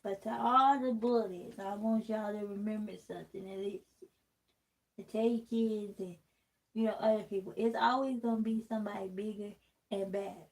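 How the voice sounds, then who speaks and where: The recording is low quality, and the woman's voice is mid-range and steady at a normal speed. Taking out her braids on a casual vlog, she rambles candidly to the camera in a distinctive voice people tend to comment on.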